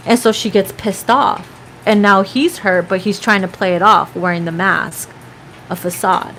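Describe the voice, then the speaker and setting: A woman's voice: medium pitch, fairly even intonation, a little slow, a bit bright, slight background noise, poor audio. A woman giving a casual tarot reading, chatty and profane, now and then breaking into snatches of song. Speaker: tarot reader.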